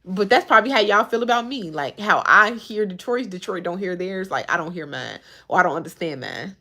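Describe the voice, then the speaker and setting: A woman's voice: fairly low pitch, a little fast. A woman in her twenties with a Chicago accent, chatting casually on a livestream and answering her chat. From Chicago suburbs. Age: 20s. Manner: animated, talks back to chat.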